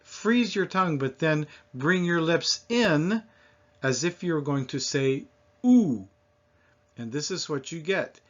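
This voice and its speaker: A man teaching French pronunciation, slowly modeling sounds for learners to repeat. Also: fairly high pitch, expressive, a bit bright. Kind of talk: pronunciation lesson. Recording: dull lo-fi recording.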